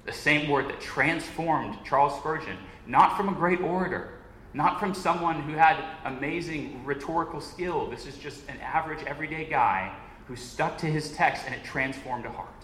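A man's voice: a little high, moderate pace, fairly bright tone. Man, guest preacher, earnest storytelling sermon, roomy echo, faint hiss. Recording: echoey room with faint noise.

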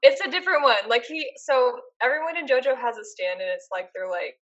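A woman's voice: high voice, a little fast, fairly bright tone, highs cut off. A young woman co-hosting a casual podcast, laid-back with dry short replies. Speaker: podcast co-host. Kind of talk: casual chat.

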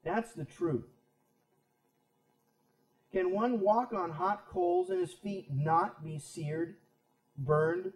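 A pastor with a high-pitched male voice delivers a Bible teaching sermon, talking to his listeners in a conversational way and pressing his points with rhetorical questions. He sounds distant from the mic, and his voice rings around an echoey room. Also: lively intonation, drawn-out words, pauses often.

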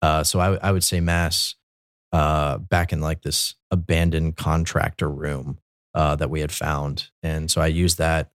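With a rumbling low voice and a level tone, this man, a Catholic military chaplain, shares his story unhurriedly. He rambles in a loose, conversational way, full of fillers and restarts. Clean studio sound, no echo.

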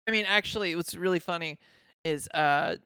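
A man's voice: on the high side, moderate pace, sharp tone, clean tone. A man co-hosting a podcast in casual chat, hyped up, blunt and swearing freely. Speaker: podcast co-host.

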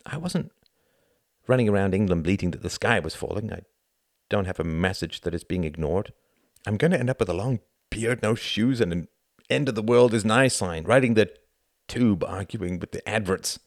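A man's voice: lowish voice, normal speed, no room sound, clean studio sound, lightly acted. A man reading aloud and voicing a guarded young Englishman who talks in a wry, weary, self-mocking way.

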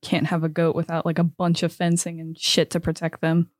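A woman's voice: fairly low pitch, monotone, a little fast, no room sound, studio quality. A young woman co-hosting a podcast, chatting casually, swearing and laughing, and stumbling over words as she reads out a story. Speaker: podcast co-host. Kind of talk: casual chat, reading out a story.

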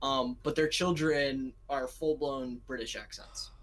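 A woman's voice: very deep voice, steady tone, measured pace, low-quality recording. An American woman chatting casually as a podcast co-host, rambling with many fillers and giggles. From United States. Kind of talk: casual chat.

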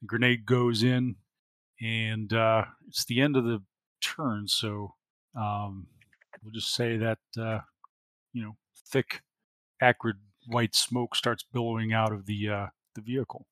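A man's voice: fairly low pitch, level tone, unhurried, a bit bright, no echo. A man narrating as game master, laid-back with lots of ums and uhs.

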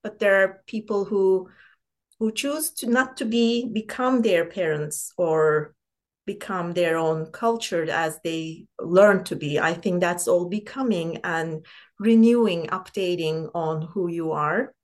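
Woman, seminar participant, slow pace, lowish voice, searching informal phrasing. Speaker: discussion participant. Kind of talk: casual seminar discussion.

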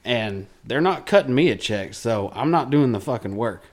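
A man's voice: medium pitch, expressive, normal speed. A man in casual podcast chat, talking bluntly and swearing freely. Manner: blunt and profane. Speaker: podcast co-host.

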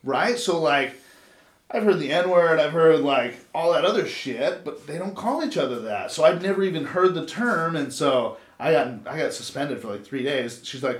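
Co-hosting a podcast, a thirtysomething man from Los Angeles chats casually and tells rambling, profane stories. His fairly high voice is expressive and moves at normal speed, and the recording has a roomy echo.

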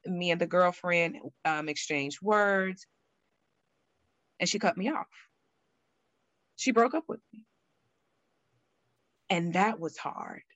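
Candid woman guest, lowish voice. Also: slow pace, pauses often, no echo. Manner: candid, animated, acts out quoted thoughts. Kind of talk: personal storytelling in conversation.

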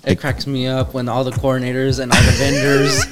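A man's voice: medium pitch, monotone, a little fast, a loud crowd. A man joining a radio show as a guest, chatting casually in an easygoing, chuckling way. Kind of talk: casual chat.

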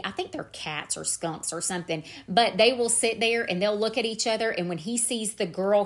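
A woman's voice: medium pitch, a bit bright. A middle-aged woman, telling her personal faith story on a podcast in an earnest, emphatic way. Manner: earnest, emphatic, repeats "I'm telling you". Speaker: podcast host.

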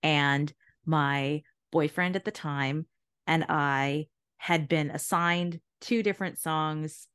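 A woman's voice: deep voice, steady tone, a bit bright, clear, resonant tone, no echo, clean studio sound. A woman co-hosting a podcast, chatty, telling a story in casual conversation. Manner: chatty, quick reactions and laughs. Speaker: podcast co-host.

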